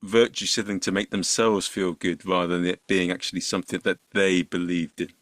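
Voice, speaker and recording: Brief: deep-ish male host, dry close sound, halting and searching. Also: level tone, a bit bright, no room sound. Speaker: podcast host. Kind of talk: interview chat.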